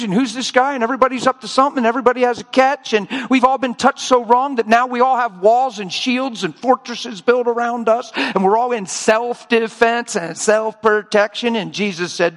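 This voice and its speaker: An older man preaching a sermon, telling stories and acting out both sides of conversations with lively, emotional delivery. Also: very high voice, brisk, few pauses, big-room sound. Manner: animated storytelling, acting out dialogue.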